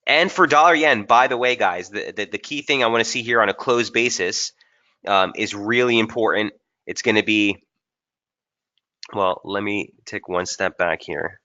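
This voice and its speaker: A man's voice: lowish voice, normal speed, sharp tone, highs cut off. A man presenting a live trading webinar, talking through charts casually with many fillers and restarts. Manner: casual, thinking aloud with frequent fillers and restarts.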